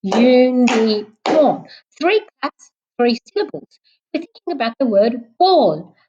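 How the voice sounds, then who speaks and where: Lively-voiced woman teaching young children. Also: sits high, muffled recording, background noise. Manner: clear, slow, patient explaining, clapping out syllables. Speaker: primary school teacher. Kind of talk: recorded online lesson for young children.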